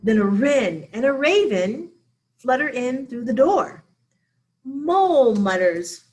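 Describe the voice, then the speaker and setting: Woman children's librarian, slow and expressive storytime reader. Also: mid-range voice.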